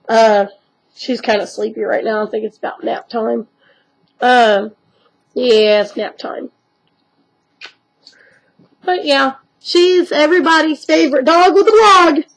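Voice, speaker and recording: A young woman from the United States chatting casually to her webcam at home about her pet dogs, rambling and now and then slipping into squeaky baby talk. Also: low-quality recording. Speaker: pet owner vlogger. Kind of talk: casual chat to camera.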